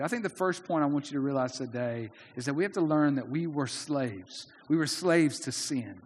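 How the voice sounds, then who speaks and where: A man's voice: on the high side, animated, normal speed, hardly any pauses, husky, in a large hall. A man preaching a sermon in an earnest, conversational way, often restarting his sentences. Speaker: pastor.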